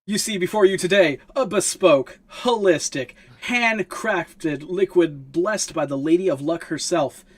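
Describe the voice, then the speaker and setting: A man's voice: unhurried, hardly any pauses. A man voicing a showy merchant who grandly hawks enchanted flasks to a crowd like a carnival barker. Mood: grandiose. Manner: booming carnival-barker pitch. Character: showy male merchant hawking potions, grandiose.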